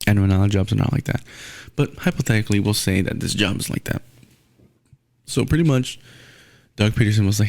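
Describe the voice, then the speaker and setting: Profane, gravelly-voiced man ranting. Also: lowish voice, brisk, long pauses, no room sound. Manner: blunt, profane, animated ranting. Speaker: podcast host. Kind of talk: casual solo sports rant.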